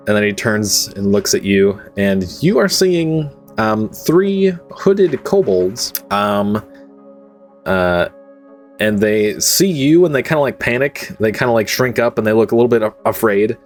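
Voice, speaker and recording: A man's voice: on the low side, sing-song, measured pace, faint music behind. A young man running a tabletop game as game master, narrating casually at home into his own microphone, rambling with lots of "like" and "um" and laughing easily.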